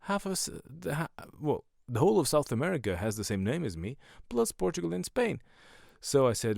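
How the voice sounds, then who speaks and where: Gravelly, lively-voiced male comedian. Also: a little high, fairly quick, no echo, clean studio sound. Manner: rambling, profane, self-mocking jokes. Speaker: stand-up comedian and podcast host. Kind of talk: casual podcast monologue.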